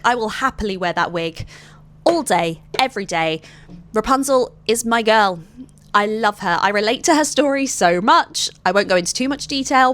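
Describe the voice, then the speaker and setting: A young adult woman chatting to camera as a vlogger, gushing and often apologising with quick asides. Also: mid-range voice, a bit bright. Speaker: vlogger and party princess performer. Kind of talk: casual chat to camera.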